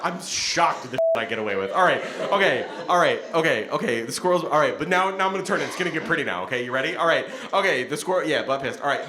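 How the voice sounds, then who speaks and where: A man's voice: a little high, expressive, fast, bright, forceful tone. A male poet reading his spoken word poems live, with rambling, self-deprecating, laughing asides between them. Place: event hall with audience. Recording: echoey hall.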